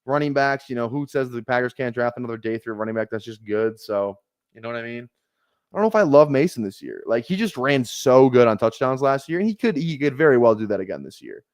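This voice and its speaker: A man's voice: mid-range voice, lively intonation, fast talker, no echo. Man streaming fantasy drafts, dry sound. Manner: rambling, thinks aloud, self-correcting. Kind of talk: casual live-stream draft commentary.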